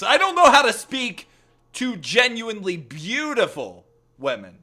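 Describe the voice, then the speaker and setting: High, lively joking streamer guy. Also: normal speed. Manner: joking, teasing banter with chat; playful put-on accent that keeps slipping. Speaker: gaming streamer. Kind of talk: casual live-stream chat.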